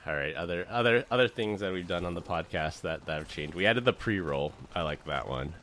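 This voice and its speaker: A man's voice: sits low, expressive, fairly quick, fairly bright tone, a little hiss or hum. A man co-hosting a podcast, reading a rhyming roast of a friend and then chatting casually with laughs. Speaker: podcast co-host. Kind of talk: casual chat.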